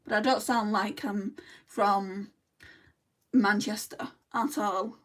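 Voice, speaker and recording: A woman's voice: medium pitch, fairly even intonation, slow, a bit bright. Chatty Lancashire woman with a distant mic. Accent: Lancashire English. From Lancashire, England. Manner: chatty and blunt. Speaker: beauty vlogger. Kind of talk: casual makeup livestream chat, answering viewer comments.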